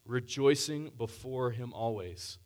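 A man's voice: mid-range voice, measured pace, a little mellow. A man as pastor preaching a sermon, earnest and conversational, reading scripture aloud between his own remarks.

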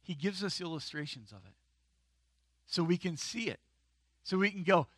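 Man, pastor, casual sermon, emphatic, bright forceful voice, dry sound. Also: high-pitched, moderate pace, pauses often, dry recording. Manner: animated, conversational preaching with emphatic outbursts.

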